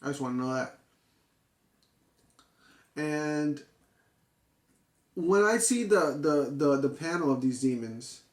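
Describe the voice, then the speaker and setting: A man with a slightly high voice reviews a manga chapter in casual, profane talk. He's excitable, often restarting and getting worked up, with plenty of fillers. The recording sounds reverberant.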